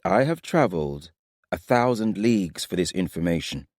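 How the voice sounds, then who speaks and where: A man voicing a proud young prince who speaks in a cold, commanding, measured way. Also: low-pitched, sing-song, a little mellow, dry recording, clean studio sound. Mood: coldly menacing. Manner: imperious, coldly measured.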